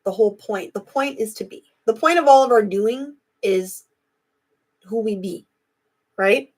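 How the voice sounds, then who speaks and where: A young adult woman hosts a live video, chatting casually and reflectively while addressing her viewers directly. Her voice is medium in pitch and slightly dark in tone, and she speaks a little slowly.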